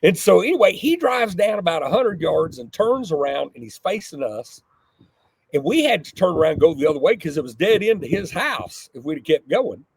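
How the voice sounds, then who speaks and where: A middle-aged man, a podcast guest telling a folksy, animated story from his childhood. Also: sits high, fairly quick, slightly rough, dry recording. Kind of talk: casual storytelling.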